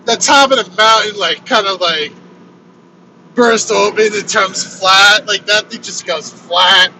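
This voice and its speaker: A man casually telling his own story on a road trip vlog, animated and swearing freely. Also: high voice, unhurried, poor audio. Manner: animated, swears freely, acts out quoted lines. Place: inside a moving vehicle on a road trip. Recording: road noise from a moving vehicle.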